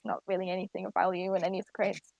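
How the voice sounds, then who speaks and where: A woman's voice: lowish voice, level tone, very fast, gravelly, darkish tone, dry recording, highs cut off. A woman running a tabletop game as dungeon master, narrating hesitantly with fillers and laughs.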